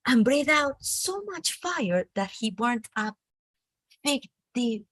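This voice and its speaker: Colombian woman teacher, storybook read-aloud, slow, husky, close and dry. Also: fairly high pitch, no echo. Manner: expressive, animated read-aloud with acted character lines. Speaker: teacher leading a reading workshop. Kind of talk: reading a storybook aloud to a class.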